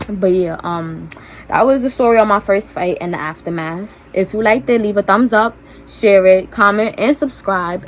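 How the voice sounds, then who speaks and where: An eighteen-year-old woman with a Brooklyn New York accent, telling a storytime to her vlog viewers in blunt, animated street slang. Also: mid-range voice, slight background noise. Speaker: vlogger. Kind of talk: casual storytime monologue.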